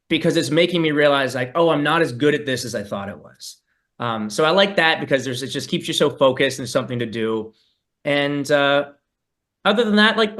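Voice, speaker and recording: A man answering fan questions in a relaxed, thoughtful casual chat over a video call, with plenty of fillers. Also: mid-range voice. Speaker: guest musician meeting fans.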